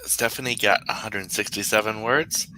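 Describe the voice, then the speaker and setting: A man hosting a casual writing stream, talking slowly and playfully, sometimes reciting dramatically. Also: lowish voice, steady tone, sharp tone, a little hiss or hum, low-quality recording. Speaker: host of a writing sprint stream. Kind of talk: casual chat.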